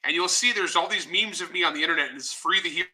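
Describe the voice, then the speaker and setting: A man with a fairly high voice and a very bright, sharp tone tells stories as an interview guest. He talks in an animated, joking way, and the sound has the slight thinness of a video call. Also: racing. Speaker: guest author. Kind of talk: casual storytelling interview.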